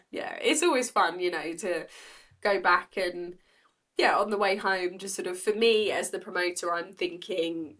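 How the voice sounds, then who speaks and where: A woman's voice: fairly low pitch, a bit bright. A woman, a comedy promoter, chatting casually in an interview with frequent laughs and ums. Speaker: comedy club co-founder and promoter.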